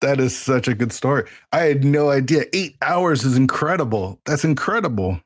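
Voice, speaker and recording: A man's voice: medium pitch, animated, moderate pace, dry recording, clean studio sound. A man hosting a podcast interview, asking questions and offering encouraging affirmations in casual chat. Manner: encouraging, frequent backchannel affirmations. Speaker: podcast host.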